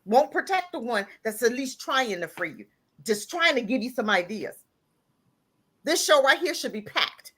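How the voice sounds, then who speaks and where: A woman's voice: big pitch swings, normal speed, fairly bright tone, slightly rough. A woman calling in to a live talk show, delivering a heated, emphatic rant full of repeated lines. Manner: breaks into laughter and raises voice to near-crying pitch. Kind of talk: impassioned call-in rant.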